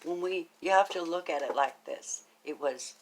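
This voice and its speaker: Low-voiced woman giving a casual tarot reading. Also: normal speed, low-quality recording. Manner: chatty and affectionate, thinks aloud, drops into soft half-whispered asides. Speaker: tarot card reader.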